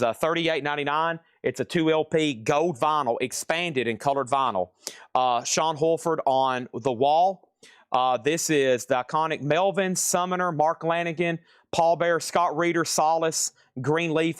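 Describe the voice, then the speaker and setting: A man hosting a live online record sale in a room full of record crates, energetically rattling off bids and prices in a fast selling patter. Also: mid-range voice, clear, resonant tone, no room sound, studio quality. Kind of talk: live sales stream patter.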